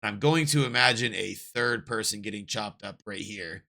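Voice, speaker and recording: A man hosting a casual manga reaction, reading aloud, who gets excited and swears freely. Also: on the low side, normal speed, vocal fry. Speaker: reaction host.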